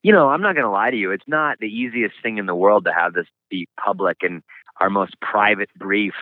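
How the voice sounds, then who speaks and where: A man speaking frankly and reflectively as an author being interviewed, pausing often as he talks. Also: on the low side, no echo. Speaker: author and guest. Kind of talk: candid interview conversation. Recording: tinny phone-like line, dry.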